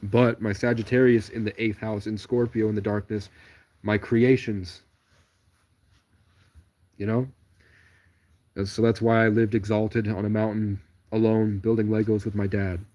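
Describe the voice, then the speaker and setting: A man's voice: lowish voice, flat delivery, unhurried, long pauses, darkish tone. A man talking alone on a livestream, telling digressive stories in a stream-of-consciousness ramble. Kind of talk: rambling solo livestream monologue.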